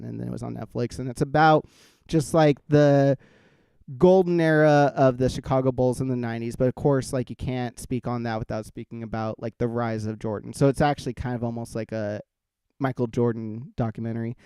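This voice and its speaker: A man's voice: mid-range voice, steady tone, fast, vocal fry, dark tone, smooth, no echo. A man hosting a casual talk show, rambling with lots of fillers and laughing often. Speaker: podcast host. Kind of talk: casual chat.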